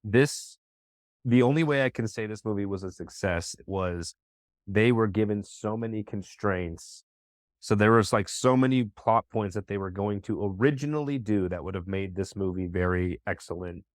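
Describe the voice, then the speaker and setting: A man's voice: fairly low pitch, moderate pace, dry recording, clean studio sound. A man appearing as a podcast guest in casual chat, hesitant and heavy on fillers as he builds his argument.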